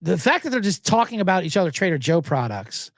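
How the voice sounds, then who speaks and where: A man's voice: sits high, very animated, fast talker, no room sound, studio quality. A man hosting a sports betting podcast, ranting in a casual monologue, swearing and acting out voices as he quotes people.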